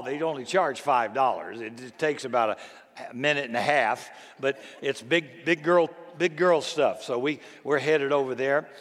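An older man, a grandfather, preaching a sermon in a folksy, storytelling way, slow and deliberate. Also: fairly high pitch, fairly bright tone. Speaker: pastor. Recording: long hall reverb.

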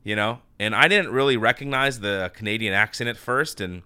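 A man's voice: on the low side, brisk, sharp tone, clear, resonant tone, no echo. A male podcast host chatting casually, telling a long anecdote with restarts and quoted exchanges. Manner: rambling storyteller with many restarts and quoted dialogue. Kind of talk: casual chat.

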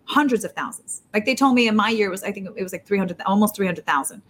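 A woman guest telling a story in a casual, animated way, jumping up in pitch when she acts out quotes and talking fast with many restarts. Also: a little hiss or hum. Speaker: poker player.

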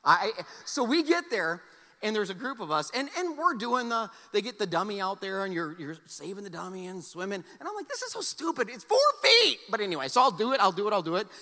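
A man preaching a sermon, telling a personal story with animated, loud exclamations and soft, earnest appeals. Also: high voice, a little fast. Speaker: pastor. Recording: long hall reverb.

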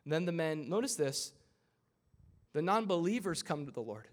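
A man preaching a sermon, retelling a scripture story in a casual way with asides and quick character voices. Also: a little high, sing-song. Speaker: pastor.

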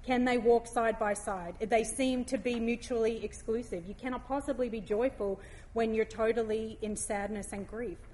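Woman, devotional talk, heartfelt and gentle, slightly high voice, faint room hum. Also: steady tone. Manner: heartfelt, gently emotional, reads scripture aloud slowly.

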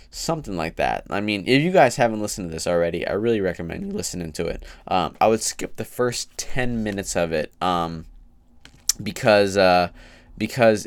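A man's voice: low voice, smooth, dry recording. A man giving opinionated, rambling casual commentary on a podcast, getting heated at times.

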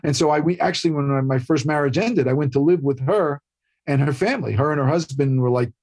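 A man's voice: on the high side, fast talker, a little mellow, a little hiss or hum. An older man, a guest telling emotional family stories and acting out his parents' voices. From New York. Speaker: actor guest. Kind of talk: emotional storytelling.

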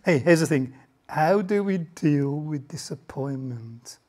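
A woman preaching a sermon in a conversational way, asking many rhetorical questions and swinging from hushed to loud. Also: low-pitched, animated, slow pace. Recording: heavy background noise.

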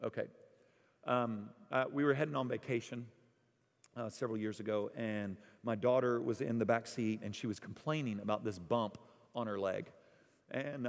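A middle-aged man preaching a sermon, telling stories with lively swings from loud bursts to hushed, quiet prayer. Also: on the low side. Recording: long hall reverb.

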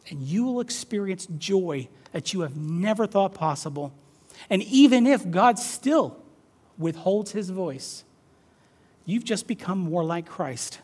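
A man preaching a sermon as pastor, swinging between loud emphatic urging and hushed quiet asides. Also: high-pitched, lively intonation, a little slow, husky.

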